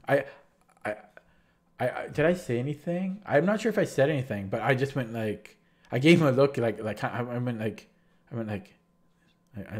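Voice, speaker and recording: A man of medium pitch with a slightly mellow voice talks through his chess games on a livestream. He has a sore throat and feels ill, so the recap is casual and rambling, full of restarted sentences.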